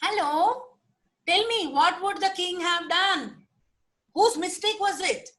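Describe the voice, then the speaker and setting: A woman with an Indian English accent telling a story to children on a video call, animated and asking them questions. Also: very high voice, slow, a little hiss or hum.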